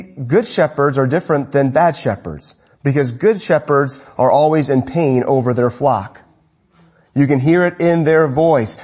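Male preacher, somewhat high and husky, impassioned sermon delivery. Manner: impassioned, swings between raised urgent lines and low quiet ones. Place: church congregation, evening service.

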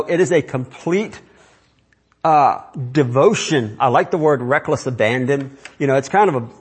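Middle-aged male pastor, husky voice, earnest sermon delivery with repeated phrases. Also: a little high.

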